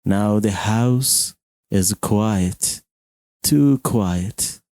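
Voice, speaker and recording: Very slow American man narrating a story. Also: fairly low pitch, darkish tone, no echo, studio quality. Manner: very slow, clear and simple phrasing.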